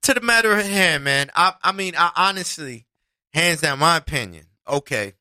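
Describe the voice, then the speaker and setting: Lively high-voiced man hosting a podcast. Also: moderate pace, clean tone, dry recording. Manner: animated, laughing, stammering restarts. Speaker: podcast host. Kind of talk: casual podcast banter.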